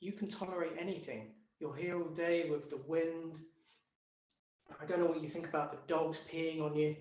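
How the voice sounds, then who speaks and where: A man's voice: fairly high pitch, steady tone, normal speed, darkish tone, roomy sound, muffled recording. A man giving an earnest, prayerful devotional talk over a video call. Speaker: spiritual speaker.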